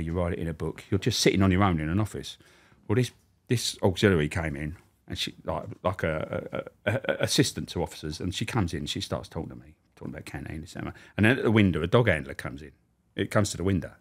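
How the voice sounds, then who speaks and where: A middle-aged man, a former prison officer, telling anecdotes as a podcast guest, swearing freely and acting out the people he quotes. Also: deep voice. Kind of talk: anecdotal storytelling.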